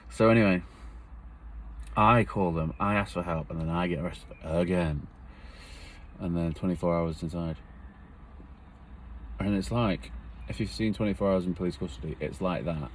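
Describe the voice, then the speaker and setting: Deep-voiced man telling a story. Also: steady tone, moderate pace, long pauses, slight background noise. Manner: earnest, rambling, emotional retelling. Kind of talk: personal storytelling.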